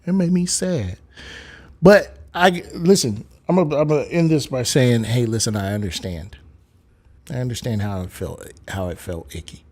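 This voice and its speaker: A man hosting a livestream in casual chat, playful and animated, with frequent swearing. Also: medium pitch, normal speed.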